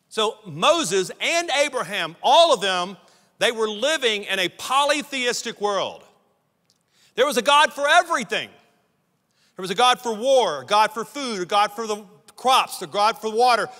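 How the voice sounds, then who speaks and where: Pastor, male, high and bright voice, emphatic sermon delivery, long church-hall reverb. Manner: emphatic preaching, repeats words when starting sentences.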